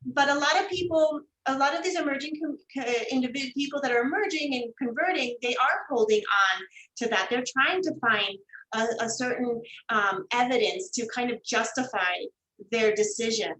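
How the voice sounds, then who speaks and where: Animated New woman, high and roomy. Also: moderate pace. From New York. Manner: animated, acts out quoted voices. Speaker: guest. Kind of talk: casual interview chat.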